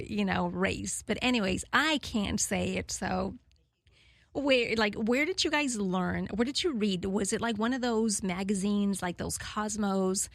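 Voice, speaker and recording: A woman in her forties talks straight to her listeners at a middle pitch. She rambles candidly, fills gaps with "like" and "you know", and laughs easily. The sound is close and dry, with no room around it. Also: creaky, dry recording. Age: 40s. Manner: rambling and candid, laughing often, frequent fillers. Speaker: radio show host. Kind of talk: casual chat to listeners.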